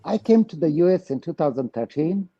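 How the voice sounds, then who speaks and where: Calm man, dull lo-fi sound. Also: fairly high pitch, brisk. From Afghanistan. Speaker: guest co-host.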